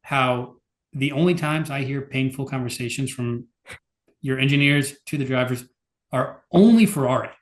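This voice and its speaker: A man's voice: medium pitch, normal speed. A man co-hosting a podcast, talking casually with lots of fillers and some exasperation. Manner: loose, filler-heavy, exasperated. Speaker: podcast co-host. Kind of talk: casual chat.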